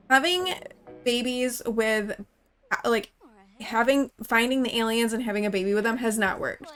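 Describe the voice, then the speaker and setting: A woman's voice: fairly high pitch, a bit bright. A woman hosting her own gaming channel, giving chatty let's-play commentary and talking straight to the characters in her game.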